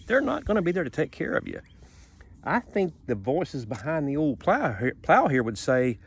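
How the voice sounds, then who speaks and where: A man's voice: mid-range voice, wildly swooping pitch, unhurried, creaky, slightly rough. A man with a stuffy, sniffling nose giving a rambling, folksy vlog outdoors in a sunny garden yard, filmed on a handheld phone. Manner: folksy, rambling, repeats himself. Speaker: homesteading vlogger.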